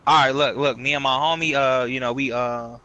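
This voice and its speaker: A young man in an improvised game skit, loud, profane and bossy. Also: mid-range voice, fairly even intonation, a little fast. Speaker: skit creator.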